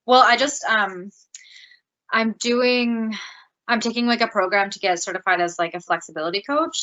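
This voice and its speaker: A woman's voice: lowish voice, fairly bright tone, highs cut off. A woman hosting a podcast in casual chat, rambling and giggly, effusive with her guest. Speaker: podcast host.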